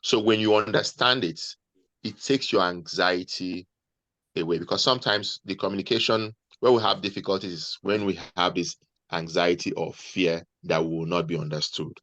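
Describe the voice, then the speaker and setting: Man, very low voice, dry sound, measured and deliberate, video call. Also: fairly even intonation, fairly bright tone, dry recording. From Nigeria. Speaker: guest nurse. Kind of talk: advice talk on video call.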